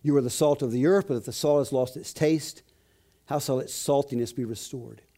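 A male pastor delivers a sermon in a mellow, darker voice. He preaches emphatically, leaning hard on key phrases by slowing down and lifting his pitch. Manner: emphatic, slows and rises to stress key phrases.

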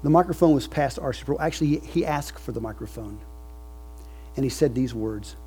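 A man preaching a sermon, moving from quiet reflection to loud, emphatic passages. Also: medium pitch, brisk, slightly rough. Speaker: pastor.

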